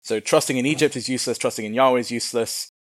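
A man's voice: mid-range voice, rapid-fire, no echo, clean studio sound. A man giving an informal Bible lesson in a chatty, humorous way with casual slang. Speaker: Bible teacher.

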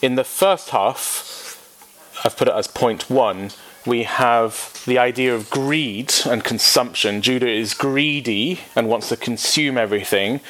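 A man's voice: medium pitch, fairly bright tone. A man teaching a Bible study lesson, emphatic and repeating key words for effect, with wry asides.

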